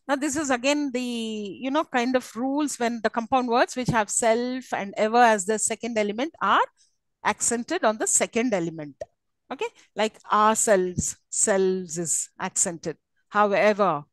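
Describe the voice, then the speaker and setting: A woman's voice: a little high, normal speed, dry recording, rough recording. Woman lecturing on intonation. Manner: explanatory, asks students questions, many fillers. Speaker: university English lecturer. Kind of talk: live lecture to students.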